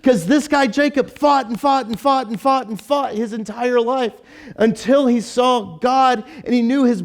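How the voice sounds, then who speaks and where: A man preaching a casual sermon as pastor, chatty and joking, with frequent restarts and fillers. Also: extremely high pitch. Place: church.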